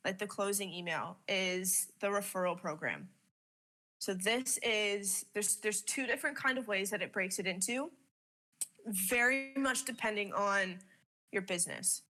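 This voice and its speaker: A woman's voice: medium pitch, normal speed, bright, forceful tone. A young woman from Canada chatting casually about her business, candid, swearing freely and laughing often. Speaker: business owner sharing advice. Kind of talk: casual chat.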